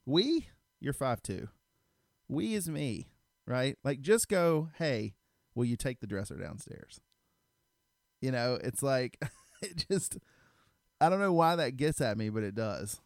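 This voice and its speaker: A man talking as a podcast guest in a blunt, animated casual chat, laughing often. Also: mid-range voice, measured pace, vocal fry, pauses often, no echo, clean studio sound.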